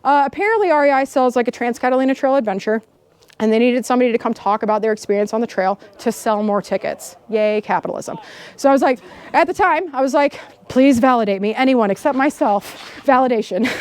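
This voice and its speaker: A woman in her thirties giving a storytelling keynote speech, animated, laughing often and acting out the people in her story. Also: on the high side, smooth. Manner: animated, laughing, acts out dialogue. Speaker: keynote speaker. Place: outdoor camp gathering.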